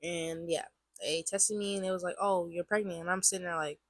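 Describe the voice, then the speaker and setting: A woman's voice: lowish voice, fairly even intonation, a little fast, no echo. A woman in her twenties, sounding congested, casually telling a personal testimony to camera and often repeating herself. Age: 20s. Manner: rambling, repeats phrases, many likes. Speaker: vlogger sharing a testimony.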